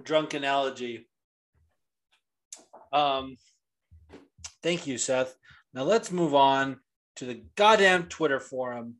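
A man co-hosting a podcast in casual chat, excitable and profane, quick to laugh. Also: mid-range voice, poor audio. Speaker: podcast co-host.

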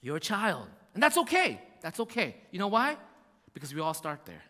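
A man preaching a sermon in an animated way, acting out voices and often asking "right?". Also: sits high, normal speed, in a large hall. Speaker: pastor.

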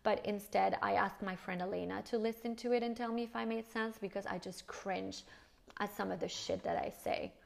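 A middle-aged woman from France hosts a casual solo podcast in a French accent, frank and swearing casually while slipping in French phrases. Her gravelly, medium-pitched voice has fairly even intonation and a moderate pace.

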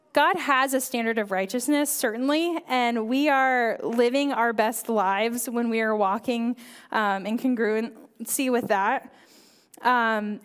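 A woman's voice: high-pitched, smooth, big-room sound. A woman in her thirties giving a sermon as a church kids director, earnest and conversational, often checking in with the audience. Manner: earnest and conversational, frequent "right?" and "um". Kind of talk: sermon talk.

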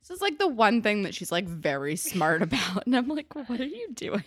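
A woman co-hosting a podcast, chatting loosely through an episode recap with lots of "like"s and "um"s and slowing down for emphasis. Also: mid-range voice, very animated, no echo, clean studio sound. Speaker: podcast co-host. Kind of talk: casual recap chat.

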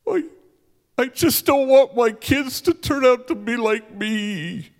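A man's voice: extremely high pitch, lively intonation, pitched above the performer's own voice, heavily acted. A man voicing a trembling father who halts and breaks down while speaking. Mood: tearful. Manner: halting, breaking voice. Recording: long hall reverb.

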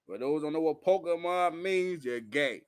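A man's voice: on the high side, animated, normal speed, clear, resonant tone. A man, rambling profanely through a live-stream monologue while intoxicated. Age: 40s. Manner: profane, rowdy, loose storytelling.

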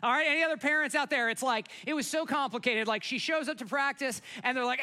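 A pastor preaches in an easy, conversational sermon, with a very high voice and a bright, forceful tone. He tells stories with energy and often speaks straight to his listeners. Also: fast, few pauses, smooth. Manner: conversational, animated storytelling, asks the crowd. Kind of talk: sermon with storytelling.

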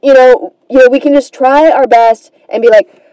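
A woman's voice: high voice, steady tone, normal speed, warm tone, clear, resonant tone, no echo, low-quality recording. A woman hosting a comedy podcast, telling a rambling, self-deprecating story in a casual monologue and swearing freely.

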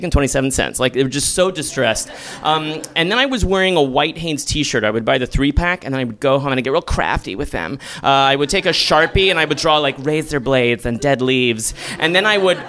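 A man from Texas spins a funny, self-deprecating story before a live audience. His voice sits a little high and sounds bright and forceful, and he keeps his ums and likes in. The delivery is loose and comic. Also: smooth.

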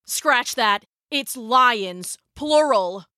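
A woman's voice: fairly high pitch, animated, very slow, bright, forceful tone, dry recording, studio quality, exaggerated voice. Galen, a woman voicing a cocky male musician. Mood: alert. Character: cocky young male musician, playful traveler.

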